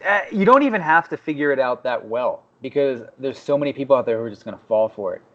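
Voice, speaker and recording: A young man co-hosting a podcast, telling a story in a lively way and acting out the people he quotes. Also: medium pitch, quick pace. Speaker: podcast co-host. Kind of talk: casual chat. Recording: dull lo-fi podcast audio.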